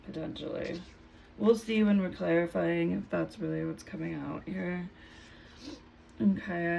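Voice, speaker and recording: Gravelly, husky-toned woman reading tarot. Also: lowish voice, dark tone, a little hiss or hum, low-quality recording. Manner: unhurried, musing, trailing off mid-thought. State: slightly hoarse, just woke up. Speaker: tarot reader.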